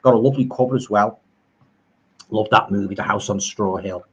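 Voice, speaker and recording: Pitched fairly low and husky, this voice belongs to a middle-aged Liverpool horror streamer who talks briskly. At home on a live stream, he rambles eagerly about old films, reads viewer comments, and leans on homely phrasing.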